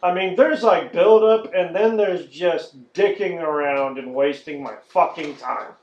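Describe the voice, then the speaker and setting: A podcast host rants and swears through casual chat, mocking what annoys him. His voice sits a bit high for a man. The recording is dull and lo-fi, with a roomy echo around him. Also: a little slow, darkish tone. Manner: profane, ranting, mocking impressions. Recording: echoey lo-fi room recording.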